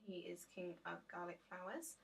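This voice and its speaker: A woman's voice: on the low side, steady tone, normal speed, gravelly. A tired woman, chatting casually and rambling through a tarot deck reveal on her vlog, full of ums and self-deprecating asides. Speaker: tarot vlogger.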